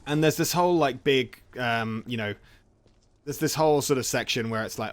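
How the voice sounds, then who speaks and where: A man rambles through a casual plot recap while he plays a game. He jokes, restarts and laughs often. His voice sits at an ordinary middle pitch. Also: normal speed. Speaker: gaming channel host.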